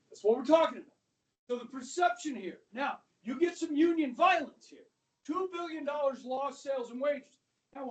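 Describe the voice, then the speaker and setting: A male high school history teacher giving an animated classroom lecture, talking straight to his students and dropping to a whisper for asides. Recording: voice from a distance across a classroom.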